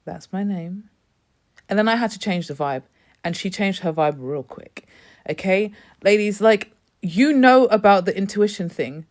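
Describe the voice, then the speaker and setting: A woman hosts and recounts a story in an opinionated, emphatic way, lecturing her audience with sassy asides. Her voice sits at a middle pitch for a woman. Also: darkish tone. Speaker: host.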